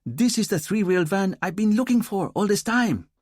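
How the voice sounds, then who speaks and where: Eager young cop in an audiobook, narrator guy doing him way higher and lively. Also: normal speed, no echo, clean studio sound. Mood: excited. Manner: eager, exclaiming. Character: excited young male police officer.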